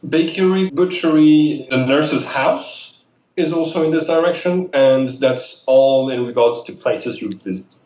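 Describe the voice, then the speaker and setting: Slow-paced male game master, echoey room. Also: fairly high pitch, darkish tone. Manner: measured, descriptive narration. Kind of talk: narrating a tabletop game.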